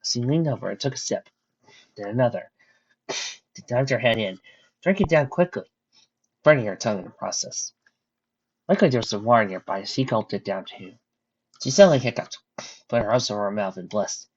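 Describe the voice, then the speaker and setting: A reader narrating a fan story, lively with occasional slips, in a muffled lo-fi recording. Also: medium pitch, a little fast, pauses often, slight background noise.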